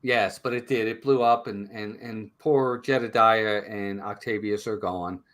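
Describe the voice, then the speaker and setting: A man co-hosting a casual live-stream movie review, retelling scenes in an animated way. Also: fairly low pitch, a little slow.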